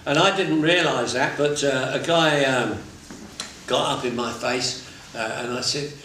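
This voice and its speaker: A man's voice: mid-range voice, steady tone, a little slow, bright, forceful tone. A man giving a blunt, conversational talk to a recovery group, with laughs and asides mixed in. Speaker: recovery workshop speaker. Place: workshop meeting room. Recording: very echoey room, mic far off, faint noise.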